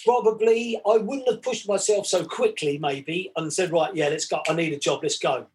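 A man's voice: sits high, moderate pace. A man, chatting as a podcast guest and acting out both sides of old conversations. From England. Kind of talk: casual storytelling chat.

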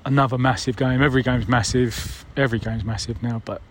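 A man's voice: mid-range voice, fairly even intonation, a little fast, a little hiss or hum. A man leaving a casual voicemail, conversational and wry, with mild swearing.

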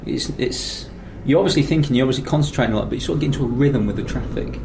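A man's voice: mid-range voice, rapid-fire, vocal fry, a little mellow, a little hiss or hum. A middle-aged man from England hosting a podcast, rambling through stories in a chatty, teasing way. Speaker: podcast host. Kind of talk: casual chat.

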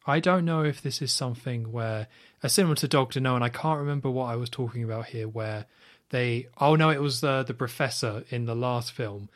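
A man co-hosting a podcast chats casually and enthusiastically about a spy film. His voice is medium-pitched and brisk, fitting the relaxed film review conversation.

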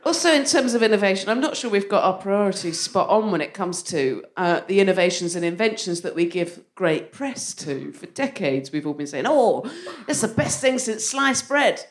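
A woman's voice: fairly low pitch, lively intonation, a little fast, hardly any pauses. Giggly woman doing stand-up. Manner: playful, self-mocking, giggles through her lines. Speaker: comedian, co-host. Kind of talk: live stand-up comedy. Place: theatre stage before a live audience.

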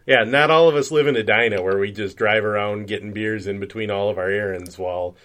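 A man's voice: on the low side, brisk, fairly bright tone. A man co-hosting a casual podcast, making sardonic, mock-grumbling jabs and wry comparisons. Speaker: podcast co-host.

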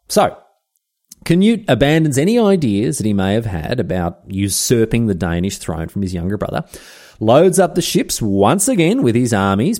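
A man's voice: mid-range voice, warm tone. A man, hosting a podcast and telling history in a chatty, irreverent way full of slang asides. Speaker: podcast host. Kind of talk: casual history storytelling.

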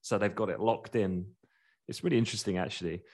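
A man hosting a casual market chat, talking quickly and laughing as he goes. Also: lowish voice, darkish tone. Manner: chatty, laughs while talking, quick asides. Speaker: market commentator.

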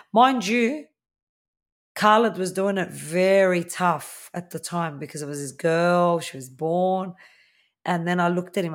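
A woman in her thirties with an Australian accent, a podcast guest candidly telling her own story in a conversational way. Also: on the low side. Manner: candid, conversational, with fillers and quoted dialogue. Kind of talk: personal storytelling interview.

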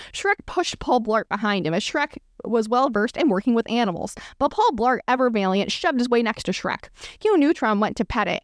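High-voiced woman reading comic fanfiction. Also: no room sound, studio quality. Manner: deadpan asides, playful character voices. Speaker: podcast host reading fanfiction. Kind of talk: comedic dramatic reading.

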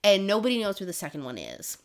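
A woman's voice: medium pitch, huge pitch swings, fast talker. Chatty woman recapping a book. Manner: rambling, full of "um" and "like". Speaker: podcast co-host.

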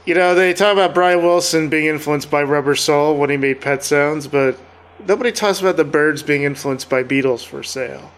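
A man's voice: fairly high pitch, moderate pace. A man co-hosting a podcast, talking in a loose, wry and joking casual chat. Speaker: podcast co-host.

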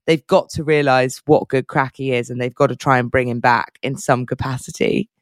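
A man in casual podcast chat, talking in a gushing, playful way. His voice sits in a middle pitch. The sound is close and dry, with no room echo. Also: steady tone, fairly quick. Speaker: podcast co-host.

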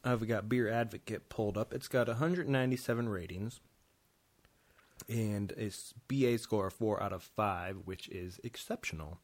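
A relaxed man co-hosting a podcast, his voice pitched somewhat low. He talks in an easy, unhurried way and laughs often with his co-host. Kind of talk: casual chat.

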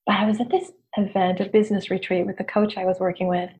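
Candid, animated woman business coach. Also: mid-range voice, fast talker. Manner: candid, animated, self-deprecating, laughs often. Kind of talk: casual motivational talk.

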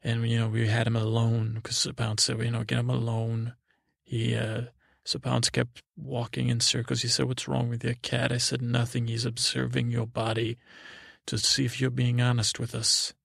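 Gravelly, husky man rambling in character. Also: medium pitch, completely flat delivery, a bit bright, dry recording, clean studio sound. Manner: rambling, halting, full of restarts; naive, childlike storyteller persona. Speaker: comedy podcast host. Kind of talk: improvised in-character comedy storytelling.

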